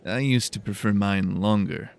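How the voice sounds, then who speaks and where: A man playing a scarred young war veteran, speaking in a subdued, halting way. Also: lowish voice, gravelly, a little mellow, roomy sound. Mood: subdued, bitter.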